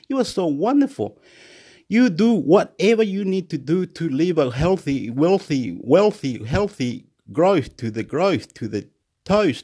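A man at home, rambling through a repetitive, excitable motivational monologue, swinging between shouts and mutters. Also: fairly high pitch, slightly rough. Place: at home, indoors.

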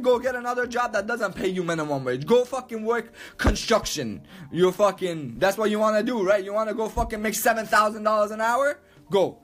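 A man ranting loudly and emphatically, swearing a lot and repeating himself. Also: sits high, animated, a little fast, faint music behind. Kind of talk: profane rant to camera.

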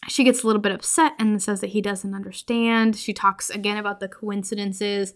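A woman's voice: medium pitch, fairly even intonation, fairly quick, few pauses. Chatty woman recapping a horror movie. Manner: chatty, lots of "like" fillers. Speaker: horror podcast host.

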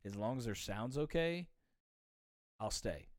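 A man's voice: medium pitch, expressive, unhurried, no room sound, studio quality. Laid-back Southern man chatting. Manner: laid-back, rambling, jokey. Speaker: streamer host. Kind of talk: casual chat.

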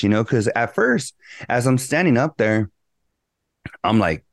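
A man's voice: lowish voice, sing-song, moderate pace, no room sound, studio quality. A man co-hosting a podcast, telling a story in a rambling, casual way with lots of swearing and slang. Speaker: podcast co-host. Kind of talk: casual chat.

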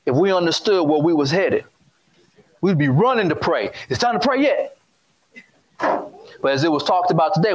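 Male preacher, high-ish voice, casual call-and-response sermon. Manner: conversational, repetitive, call-and-response with congregation.

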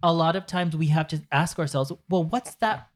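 A man of Latin American origin hosting a podcast, talking casually and quickly, slipping into voices for quotes. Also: a little high. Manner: fast, animated, puts on quoted voices. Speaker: podcast host. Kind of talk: casual chat.

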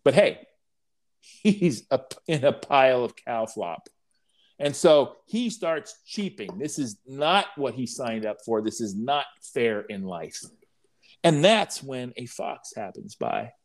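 A man co-hosting a podcast, talking in a halting way with many restarts and telling a humorous parable with dry wit. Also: medium pitch, big pitch swings. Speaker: podcast co-host. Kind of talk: casual conversation and storytelling.

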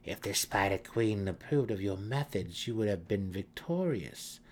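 A man doing sneering dark elf matron Malice. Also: fairly low pitch, lively intonation, a little slow, a little hiss or hum. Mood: harsh demand. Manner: sneering and demanding. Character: ruthless, furious female dark elf matron.

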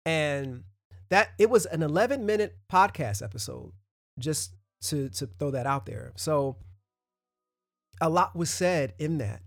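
A man's voice: on the high side, lively intonation, a little slow, gravelly, no room sound, clean studio sound. A man hosting his own podcast, talking loosely in a casual solo monologue with restarts and asides. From United States. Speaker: podcast host.

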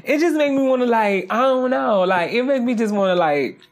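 Animated, profane solo podcast host. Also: mid-range voice, a little fast. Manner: animated and profane, often asking "okay?". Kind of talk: casual solo podcast monologue.

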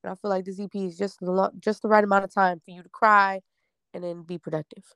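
A woman's voice: medium pitch, level tone, fast, fairly bright tone, clear, resonant tone, no room sound. A young woman singer talking casually about her debut EP, blunt and emphatic, often laughing. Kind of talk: casual interview chat.

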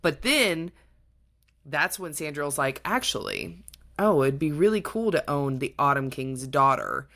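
A woman's voice: sits low, lively intonation, measured pace, bright, forceful tone. A woman co-hosting a book podcast, casually retelling a plot with acted-out quotes and swearing. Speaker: podcast co-host.

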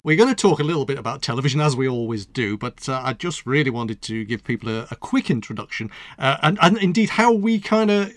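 Man, radio host, slightly high voice, dry sound, chatty interview, stumbles over words. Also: a bit bright, dry recording. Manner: chatty, hesitant with repeated words.

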